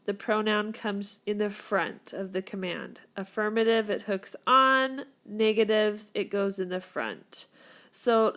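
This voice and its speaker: Walking her students through grammar rules on a whiteboard, this Spanish teacher keeps an upbeat, encouraging tone in her recorded lesson. She has a fairly high, slightly bright voice.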